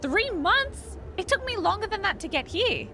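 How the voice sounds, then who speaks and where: A woman's voice: very high-pitched, very animated, moderate pace, bright, forceful tone, a little hiss or hum, exaggerated voice. An actress with an Australian accent voicing a brash, mocking young female wrestler in a game cutscene. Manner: mocking, blunt. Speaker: pro wrestler. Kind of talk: video game cutscene acting.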